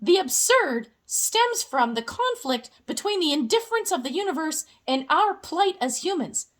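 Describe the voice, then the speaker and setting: Lively, high-voiced young woman explaining. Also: moderate pace. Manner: playful and jokey, with comic asides. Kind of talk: casual educational explainer.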